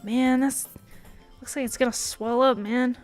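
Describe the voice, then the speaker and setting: A woman's voice: a little high, steady tone, measured pace, faint music behind, close to an everyday voice. A woman reading a reserved teenage boy protagonist in a visual novel, narrating in a dry, matter-of-fact way. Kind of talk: visual novel read-aloud.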